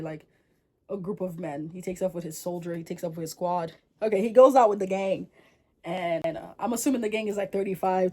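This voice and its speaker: A woman telling a folktale to camera in a casual, chatty vlog style. She uses slang and wanders off into digressions as she talks. Her tone stays relaxed and conversational. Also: on the low side. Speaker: storyteller vlogger.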